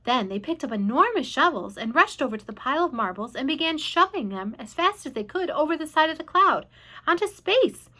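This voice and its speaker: Female storyteller, high voice, expressive read-aloud. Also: fast talker, few pauses. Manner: animated, expressive. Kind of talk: reading a children's book aloud.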